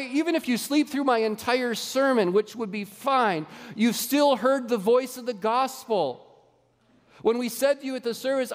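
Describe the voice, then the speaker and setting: A man preaching a sermon as pastor, lively and conversational, drawing the congregation into a call-and-response exercise. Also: extremely high pitch, long reverb tail. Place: church sanctuary.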